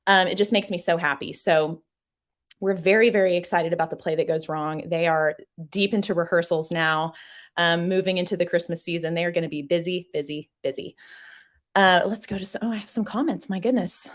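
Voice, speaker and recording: A woman's voice: lowish voice, fairly quick. A young adult woman hosting a casual live stream from a small office, gushing and upbeat as she reads viewer comments. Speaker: host.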